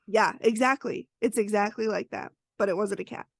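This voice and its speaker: A woman's voice: medium pitch, fairly quick, creaky, no room sound. A woman hosting a podcast, recapping an episode in a chatty, storytelling way with personal asides. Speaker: podcast host.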